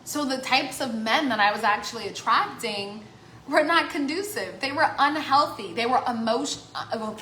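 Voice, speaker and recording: A woman life coach talking casually to the camera, animated, acting out voices in the quotes she gives. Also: on the high side, normal speed, reverberant, slight background noise, poor audio. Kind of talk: casual vlog talk.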